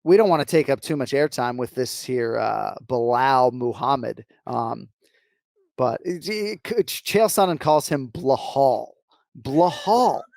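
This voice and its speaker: Un hombre con acento estadounidense que co-presenta un podcast, charla informal y bromista. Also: male voice, mid-range voice, unhurried, vocal fry, no echo. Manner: teasing, lively, joking. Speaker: podcast co-host. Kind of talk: casual podcast banter.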